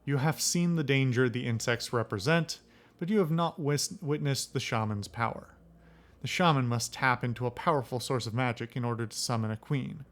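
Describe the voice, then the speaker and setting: A man's voice: mid-range voice, moderate pace, lightly acted. Man reading as a solemn male elder. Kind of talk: reading game dialogue aloud.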